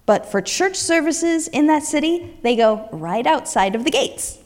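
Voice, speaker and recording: A woman preacher retelling a story in a lively sermon, voicing its characters along the way. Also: sits high, unhurried, long reverb tail.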